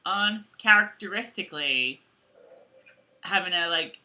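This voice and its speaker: Bright, giggly woman co-host. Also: on the low side, measured pace. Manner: giggly, animated, laughs often. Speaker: podcast co-host. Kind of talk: casual recap chat.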